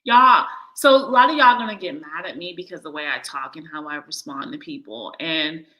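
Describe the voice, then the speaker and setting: A woman's voice: sits low, lively intonation, moderate pace, bright, forceful tone, poor audio. A woman hosting a casual live chat from Ghana, blunt and swearing, often breaking into laughter. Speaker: livestream host. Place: lives in Ghana.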